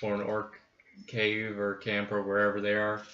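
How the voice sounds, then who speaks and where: A man narrating a tabletop game as game master, in loose banter with swearing. His voice is bright and sharp. The sound is dull and echoey. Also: on the low side, monotone, normal speed, slight background noise. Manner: laughing, swearing casual banter.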